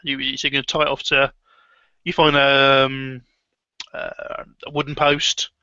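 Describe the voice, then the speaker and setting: A man's voice: mid-range voice, monotone, a little slow, pushed and bright, smooth, dry recording, lo-fi sound. A man narrating as game master of a tabletop horror game, hesitant with many ums. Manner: hesitant, full of ums and restarts.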